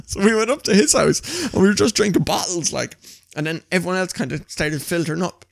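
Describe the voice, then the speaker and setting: A young man telling stories on a podcast, animated, laughing often and swearing casually. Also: high voice, a little fast, creaky, dry recording, clean studio sound. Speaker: podcast co-host. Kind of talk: casual chat.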